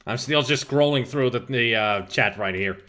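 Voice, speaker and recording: A man's voice: medium pitch, moderate pace, pushed and bright. A man from Finland, hosting a livestream and chatting casually as he reads the live chat, laughing often and restarting words. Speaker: livestream host.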